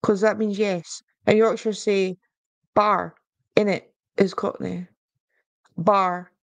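A woman's voice: mid-range voice, flat delivery, slow pace, vocal fry, no echo. A young woman hosting a live stream, chatting playfully with viewers, giggling, and reading oracle cards aloud. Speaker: podcast host doing oracle card readings.

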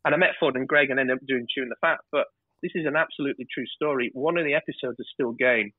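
A man's voice: medium pitch, quick pace, no room sound. A man in his fifties with a northern English accent, talking candidly as a guest and swearing freely. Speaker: guest, television director. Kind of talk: casual interview storytelling. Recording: dry, phone-like muffled line.

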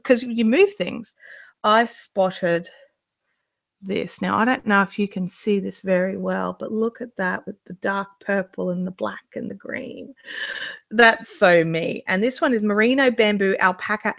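A woman chatting casually to camera, gushing over things she shows off and often restarting her sentences. Her voice sits at a middle pitch and sounds close and dry, with no room echo. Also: measured pace, vocal fry, a bit bright. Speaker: yarn vlogger. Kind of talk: casual show-and-tell chat. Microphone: handheld mic near camera.

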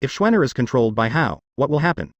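A man's voice: medium pitch, big pitch swings, quick pace, vocal fry, no echo, studio quality. A man voicing an angry, resentful immortal woman in a fantasy audiobook, speaking coldly and accusingly. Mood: furious. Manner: cold and accusing.

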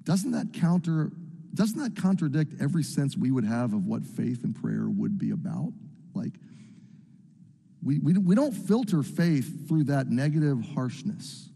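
Man preaching, slightly high voice, husky tone, reverberant sanctuary. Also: big pitch swings, unhurried, warm tone. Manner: expository preaching, acting out the psalmist's pleas with rising voice. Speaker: pastor. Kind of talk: sermon. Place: church sanctuary. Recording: echoey hall with long reverb.

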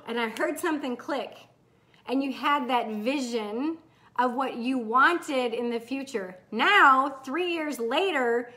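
A middle-aged woman hosting a casual live chat, candid and swearing freely, bursting into excited whoops as she reads comments. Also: sits high. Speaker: host.

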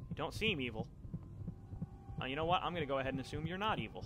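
A young man giving casual, sweary commentary on a video game he is playing, turning excitable and yelling whenever things go wrong. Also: fairly high pitch, fast talker, background noise. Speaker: let's play commentator.

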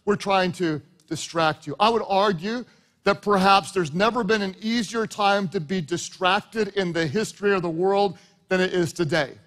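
A man's voice: high voice, a bit bright. A pastor preaching a sermon to his congregation, emphatic and playful, drawing the audience into call-and-response.

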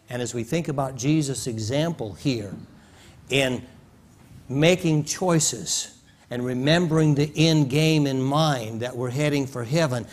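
A man preaching a sermon in a church, telling a story in a folksy way and acting out its scenes. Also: mid-range voice. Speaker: pastor.

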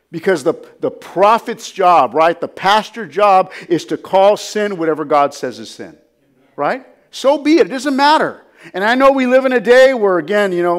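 A man, a pastor, preaching a sermon with emphasis, often checking in with the congregation with "right?" and "amen?". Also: high-pitched.

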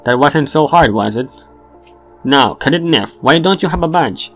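A man's voice: mid-range voice, lively intonation, moderate pace, fairly bright tone, soft background music. A man voicing a bossy young male ship bartender who talks like a drill sergeant, barking orders in an officious way. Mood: stern. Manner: barking, officious, then chummy.

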